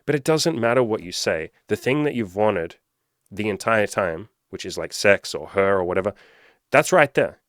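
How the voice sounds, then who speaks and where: A man speaks in a fairly low voice, delivering dating coaching as a blunt, profanity-laced monologue. He hammers his points with emphatic rhetorical questions. The sound is dry and close, with no room around it. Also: expressive, moderate pace, fairly bright tone, no room sound. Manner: blunt, heavy swearing. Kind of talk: casual monologue to camera.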